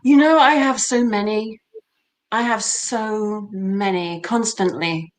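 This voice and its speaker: A woman's voice: medium pitch, takes it slowly, a little hiss or hum. A British woman, an actress, chatting animatedly in an interview with many fillers and laughs. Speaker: actress, guest. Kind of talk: casual interview chat.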